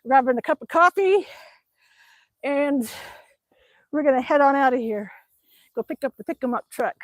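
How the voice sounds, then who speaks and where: Bubbly high-voiced older woman streaming. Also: lively intonation, normal speed, pauses often, no echo. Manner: bubbly, chatty, laughs often, fond baby talk to her dog; working out on an exercise bike while talking. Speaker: live streamer. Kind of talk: casual live-stream chat reading comments. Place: at home, indoors.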